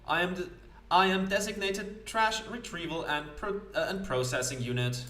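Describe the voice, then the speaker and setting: A man's voice: high-pitched, moderate pace, bright, forceful tone, echoey room, distant mic, voice pushed up. A man voicing a fussy trash-collecting automaton that talks in a stiff, literal way. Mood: prim.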